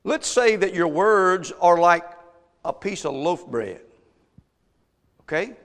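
A pastor delivers an emphatic, animated sermon at a slow pace, his fairly bright voice sitting high for a man. Rhetorical questions come one after another, and the church hall adds a long reverb.

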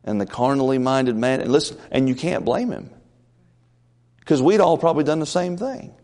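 A man's voice: mid-range voice, normal speed. Folksy preacher man with long reverb. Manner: folksy, rising to loud emphatic peaks. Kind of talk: conversational sermon.

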